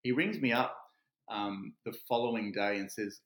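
A man's voice: fairly low pitch, moderate pace. A man, a real estate agent and podcast guest, telling stories animatedly and acting out what people said. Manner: animated storyteller who acts out quotes. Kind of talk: casual storytelling interview. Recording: roomy echoey sound.

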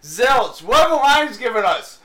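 A man's voice: very high voice, sing-song, a little slow, pushed and bright. A man hosting a sports podcast, arguing his side with short, punchy questions.

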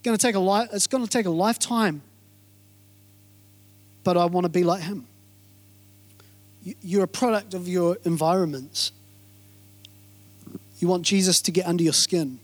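A man preaches in a high, bright-pitched voice. He is energetic, repeats his phrases for emphasis, and keeps quizzing the congregation to check they are following. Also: normal speed, pauses often. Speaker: pastor. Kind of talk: sermon.

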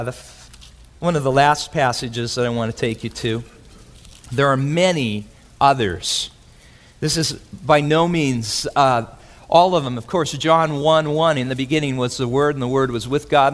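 A man preaching a sermon as pastor, animated, acting out quotes with big swings in his voice. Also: on the high side. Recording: long hall reverb.

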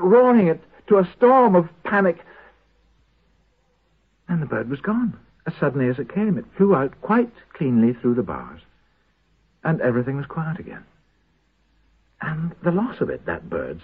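An actor playing a haunted prisoner who makes a halting, intense confession to his comrades in a 1970s radio drama. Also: mid-range voice, breathy edge. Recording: tinny lo-fi old radio broadcast.

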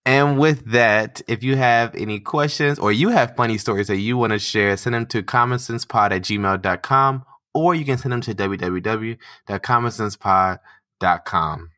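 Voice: medium pitch, moderate pace, a bit bright, no echo, clean studio sound. A podcast co-host reacting in casual chat and reading out the show's contact details.

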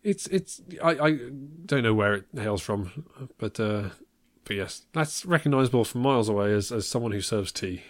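A man's voice: lowish voice, lively intonation, moderate pace, hardly any pauses, dry recording. An English man co-hosting a film podcast in casual chat, dry and joking, often stumbling over restarts. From England. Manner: stammering restarts, dry humour, frequent laughs. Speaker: podcast co-host.

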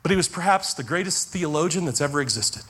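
A male pastor delivers a sermon in a voice pitched well above most men's. He preaches earnestly and often repeats a word or restarts a phrase as he presses a point. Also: expressive, quick pace, fairly bright tone, slightly rough. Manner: earnest preaching, stumbles and repeats words when stressing a point.

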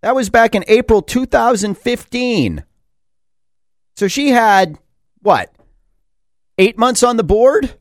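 Sarcastic man with a lively, animated delivery. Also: extremely high pitch, takes it slowly, long pauses, no echo, clean studio sound. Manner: sarcastic, rhetorical questions. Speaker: school board member and commentator. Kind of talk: opinion commentary monologue.

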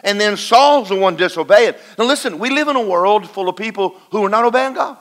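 A man preaching a folksy sermon to a congregation, swinging between loud and quiet. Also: sits high, expressive, fairly quick. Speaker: pastor. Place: church in front of a congregation.

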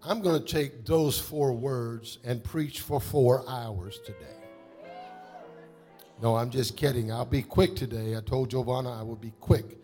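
A man's voice: mid-range voice, a little slow, warm tone, faint music behind. A male pastor preaching a sermon in a church, speaking emphatically and directly to his congregation.

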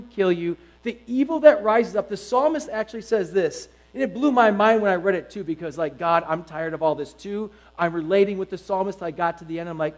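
A middle-aged man preaching a sermon to his congregation, emphatic and animated, full of rhetorical questions. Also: high-pitched, poor audio. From United States. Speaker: pastor.

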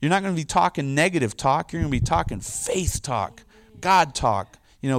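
A man's voice: on the high side, lively intonation, a little fast, no echo, clean studio sound. A middle-aged man preaching a casual, conversational sermon, loose and informal with lots of "like" and "you know". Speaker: pastor.

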